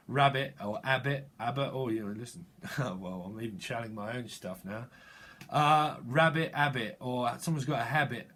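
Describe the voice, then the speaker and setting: A man's voice: medium pitch, moderate pace, a bit bright, a little hiss or hum. A man giving a tarot reading, free-associating through wordplay and chuckling as he goes. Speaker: tarot reader.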